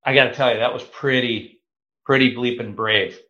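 This man in his fifties tells his story in an animated, chatty way, stopping for the odd filler as he goes. The recording is roomy and somewhat dull, as though taken in an open room with a lo-fi mic. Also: mid-range voice, normal speed. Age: 50s. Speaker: guest. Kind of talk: casual storytelling. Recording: roomy, slightly dull sound.

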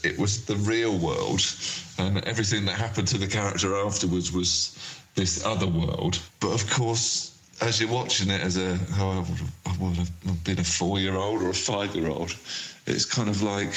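A man's voice: low-pitched, fairly even intonation, moderate pace, fairly bright tone, echoey room, poor audio. A man in his fifties recalling childhood television for a podcast, hesitant and full of fillers. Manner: hesitant, full of ums and likes. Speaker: guest, artist. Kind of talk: reflective voice-message chat.

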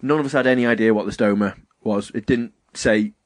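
A man's voice: fairly low pitch, steady tone, brisk, no room sound. A young man casually telling long, rambling night-out stories on a podcast, full of fillers and imitations of the people in them. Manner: rambling anecdotal storytelling with many fillers, mimics people he quotes. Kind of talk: casual chat.

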